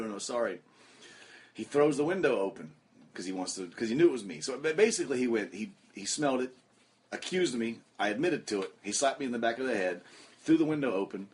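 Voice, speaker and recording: A man hosting a casual podcast, telling profane, animated stories and putting on loud voices for the people in them. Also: on the low side. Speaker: podcast host. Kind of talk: casual chat.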